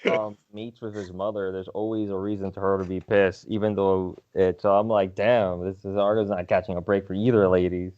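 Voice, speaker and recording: A man with a low, deep voice plays a tabletop role-playing game, stumbling and restarting as he works out what to say. The recording is dull and lo-fi, like a home podcast. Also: level tone, brisk, few pauses. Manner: hesitant, full of restarts. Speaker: player. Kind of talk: casual tabletop game talk and role-play.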